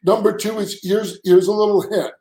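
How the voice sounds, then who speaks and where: A man's voice: sits high, steady tone, moderate pace, dark tone, reverberant, rough recording. A man co-hosting a casual podcast chat, talking earnestly and often repeating words as he starts a sentence. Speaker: co-host.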